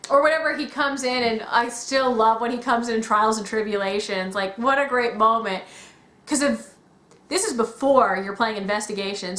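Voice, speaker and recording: A woman chatting casually as a podcast co-host, acting out quotes with big jumps in pitch. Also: fairly bright tone. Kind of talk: casual chat about video games. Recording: echoey room.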